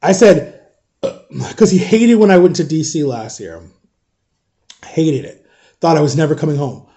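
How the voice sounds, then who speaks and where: A man's voice: on the high side, expressive, normal speed, mellow. A man in his thirties telling a personal story in a casual storytime vlog, animatedly retelling a conversation and quoting both sides of it.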